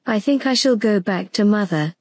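A woman reading the part of a small, timid boy in a bedtime storybook, soft and hesitant. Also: medium pitch, animated, normal speed, dry recording, natural voice.

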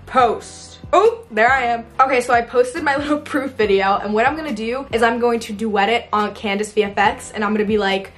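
Playful young woman vlogging, a bit high. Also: normal speed, hardly any pauses, soft background music. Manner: playful, giggly, self-mocking. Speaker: video creator. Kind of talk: casual vlog chat.

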